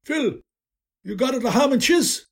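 A man's voice: extremely high pitch, animated, moderate pace, breathy edge, voice pushed up, full character voice. A man voicing an Italian-born male steam fitter with a thick Italian accent, repeating himself emphatically. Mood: insistent.

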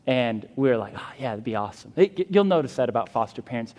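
A man's voice: mid-range voice, animated, fast, darkish tone. A man preaching a sermon as a pastor, earnest and emphatic, with fillers and restarts. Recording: long hall reverb.

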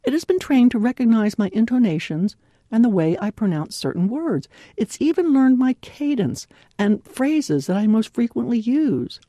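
A woman giving a devotional talk in an earnest, clearly enunciated way, laughing often. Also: fairly high pitch, big pitch swings, normal speed, dark tone, dry recording, studio quality. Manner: clear, carefully enunciated delivery. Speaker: devotional speaker.

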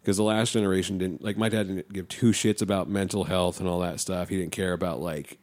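A man's voice: low voice, fairly even intonation, a little fast, a little mellow. A man talking in a casual podcast chat, rambling and hesitant, often repeating his words.

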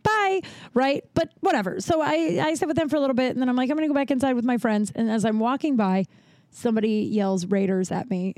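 A woman's voice: fairly high pitch, warm tone, dry recording. A woman in her thirties hosting a podcast, telling a long story in a rambling, frank, profane way, full of "like" and quoted asides. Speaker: podcast host. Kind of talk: casual storytelling.

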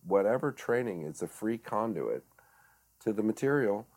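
A man's voice: fairly low pitch, animated, moderate pace, a little mellow. A man, a director and actor, talking earnestly in a casual podcast chat, with frequent restarts and fillers. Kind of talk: casual conversation.

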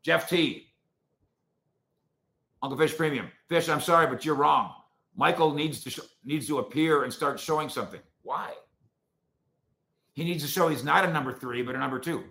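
A man hosting a sports talk show, answering viewer comments in an animated, sarcastic way that swings between loud points and quiet asides. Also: on the high side, normal speed, creaky, long pauses. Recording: roomy echo.

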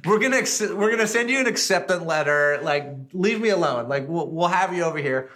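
A man voicing a gruff, impatient classic French head chef brushing off a caller on the phone. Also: on the high side, animated, fairly quick, a bit bright, voice pushed up. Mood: exasperated. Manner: exasperated, brushing off a persistent caller.

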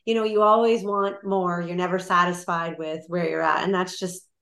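A woman's voice: on the low side, steady tone, normal speed, gravelly, fairly bright tone. A woman from Canada, a guest in an interview, talking candidly and animatedly with many fillers. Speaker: guest, Olympic marathoner. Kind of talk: casual interview chat. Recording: roomy echo.

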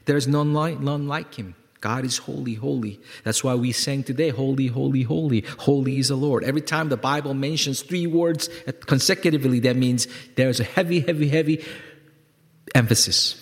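A male pastor preaching a sermon, emphatic and repetitive, swinging from loud peaks to quiet lows and calling on the congregation to respond. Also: moderate pace. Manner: repeats words for emphasis, asks congregation to respond. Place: church sanctuary. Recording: long hall reverb.

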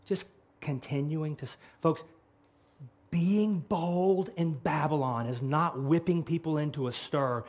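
A male pastor delivering a sermon with dramatic flair, his voice sitting a little high for a man. He swings between hushed, earnest stretches and loud, animated retellings of scripture dialogue. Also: unhurried.

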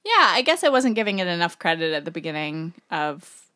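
A woman's voice: fairly low pitch, very animated, brisk, bright, forceful tone, smooth, no echo. A woman co-hosting a podcast, musing casually with lots of "like" fillers. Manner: thoughtful, frequent "like" fillers. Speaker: podcast co-host. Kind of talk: casual chat.

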